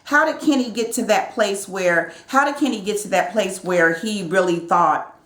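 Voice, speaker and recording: A woman co-hosting a casual reality show recap, reacting in an animated, emphatic way. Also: medium pitch, moderate pace. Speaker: show co-host. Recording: echoey room.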